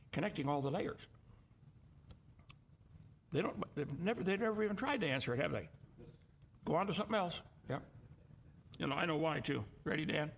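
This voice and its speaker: A man with a gravelly, fairly high voice lectures and argues like a call-in host. He speaks emphatically and turns mocking as he presses each point. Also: a little hiss or hum. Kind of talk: argumentative call-in commentary.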